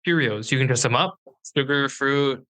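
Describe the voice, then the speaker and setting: A man's voice: medium pitch, normal speed, sharp tone. A man from Minnesota with a Minnesotan accent, co-hosting a podcast in playful, jokey casual chat. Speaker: podcast co-host.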